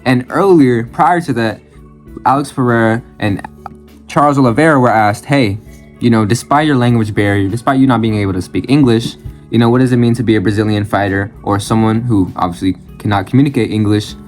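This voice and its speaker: Male vlogger doing blunt, sweary reaction commentary in repetitive bursts, middle pitch, light music bed. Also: brisk. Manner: ranting, blunt, swears freely; repeats phrases in bursts. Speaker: channel host.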